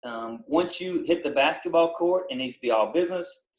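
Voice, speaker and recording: A middle-aged man, a basketball coach and ex-Army drill instructor, speaking with a country-tinged voice and explaining things in a plain, steady way as a podcast guest. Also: a little high, moderate pace. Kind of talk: casual podcast interview. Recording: roomy echoey sound.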